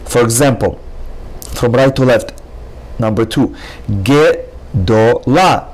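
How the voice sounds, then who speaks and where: A man's voice: medium pitch, fairly even intonation, measured pace, a little mellow. A man teaching a language lesson, patiently explaining each point and repeating every word several times. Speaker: Hebrew teacher. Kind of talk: slow, careful language lesson.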